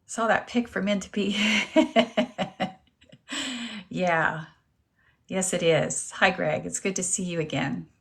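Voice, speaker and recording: A woman's voice: lowish voice, takes it slowly, creaky, long pauses. A woman reverend hosting a casual live stream, greeting viewers by name and chatting while she eats lunch. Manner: talks while eating lunch. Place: at home with her dog.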